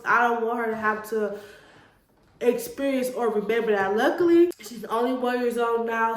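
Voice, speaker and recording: A young woman in her 20s, a vlogger, tells her own story straight to camera, earnest and emotional, and calls her viewers y'all. Her voice sits fairly high with a fairly bright tone. The room around her sounds echoey.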